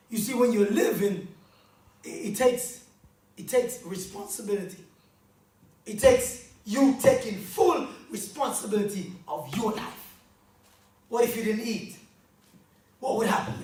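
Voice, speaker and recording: A man with a London accent giving a motivational conference speech, preaching, repeating lines and leading the crowd in call-and-response, often shouting. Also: high voice. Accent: London English. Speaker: motivational speaker. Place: conference hall. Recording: echoey hall, distant mic.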